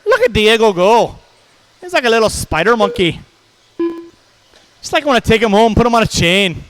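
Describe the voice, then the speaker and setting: A man calling a hobby race over the track speakers, brisk and jokey, reeling off driver names in quick runs. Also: sits high, very animated, rough recording. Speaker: race announcer. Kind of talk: live race commentary.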